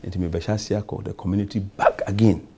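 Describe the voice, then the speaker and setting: Speaking a little fast, this man has a low, husky, slightly mellow voice with some creak and fairly even intonation. He is a Ghanaian MP in a talk show interview, mixing English and Twi as he rambles and repeats himself.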